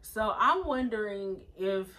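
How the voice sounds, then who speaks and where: A woman's voice: medium pitch, expressive, slow, bright, forceful tone, rough recording. A woman chatting casually as she recaps a TV episode, sassy and slangy, with lots of "like" and "um". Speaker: TV episode reviewer. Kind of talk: casual chat.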